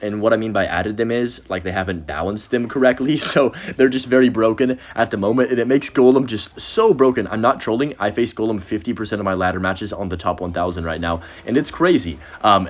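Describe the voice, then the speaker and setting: Young male gaming YouTuber, quick chatty play-by-play, lively pitch that swings up when excited. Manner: excitable, chatty, talks to viewers as "guys" and "bro". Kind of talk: live gameplay commentary.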